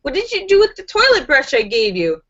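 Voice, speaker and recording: A woman's voice: sits high, huge pitch swings, fairly quick, pushed and bright, dull audio, heavily acted. Woman doing an eager little boy. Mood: curious. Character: cheeky young boy asking his grandma.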